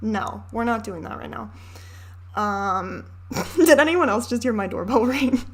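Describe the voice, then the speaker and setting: A chatty young woman hosting a reaction video, talking over a film in a loose, candid way. Her voice sits a little high, and she rants and swears between asides. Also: unhurried, husky. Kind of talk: casual commentary over a film.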